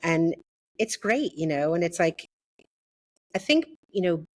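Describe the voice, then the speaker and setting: Scouse lady in her 60s, low voice, lots of "you know", dry close sound. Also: very animated, measured pace, dry recording. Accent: Liverpool. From Liverpool, England. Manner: chatty, many fillers like "you know". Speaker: podcast guest, interior designer. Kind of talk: casual interview chat.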